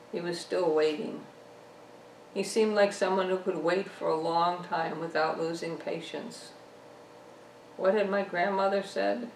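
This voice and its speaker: A woman author reading her own novel aloud, telling a first-person story at a measured pace. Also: lowish voice, fairly even intonation, a little hiss or hum. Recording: echoey room, distant mic.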